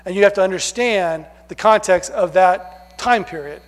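Man, pastor, sermon, high voice, emphatic, long hall echo. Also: normal speed. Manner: emphatic preaching, swings from loud to hushed.

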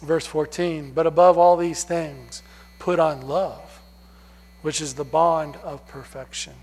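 A man preaching a sermon, emphatic, swinging from loud stresses down to hushed words. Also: high voice. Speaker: pastor. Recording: long hall reverb.

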